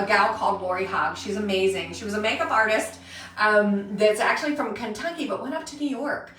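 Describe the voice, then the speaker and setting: A woman's voice: fairly high pitch, bright, forceful tone. Chatty woman hosting a live makeup tutorial. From Pennsylvania. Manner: chatty, greets viewers by name. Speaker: makeup workshop host. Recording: roomy echo, voice a bit far from mic.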